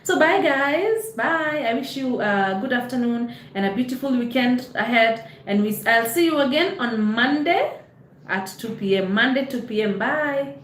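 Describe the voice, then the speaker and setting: A woman's voice: a little high, animated, unhurried, slight background noise. A woman hosting a live stream, answering viewer comments as a life coach in an earnest, encouraging way, mixing in Swahili phrases. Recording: roomy echo.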